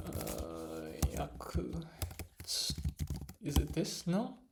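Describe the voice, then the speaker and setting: A man studying at his computer, muttering words to himself in a casual commentary, mostly soft with sudden excited bursts. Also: on the high side, slow pace, gravelly, pauses often, background noise. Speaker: language learner vlogger. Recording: loud keyboard typing behind.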